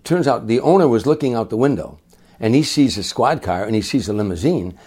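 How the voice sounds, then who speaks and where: An older man, a comedian and guest, telling a long anecdote in a lively way, acting out the voices of the people in it. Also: medium pitch, fairly quick, slightly rough. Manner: lively storyteller who acts out other people's voices. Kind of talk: anecdotal storytelling.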